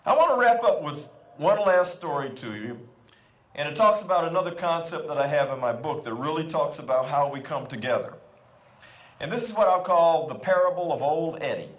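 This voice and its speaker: A man's voice: on the high side, animated, normal speed, a bit bright. A middle-aged man giving an emphatic motivational speech at an outdoor school ceremony, repeating his key phrases. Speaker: guest convocation speaker. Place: outdoor quad. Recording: echoey outdoor PA sound.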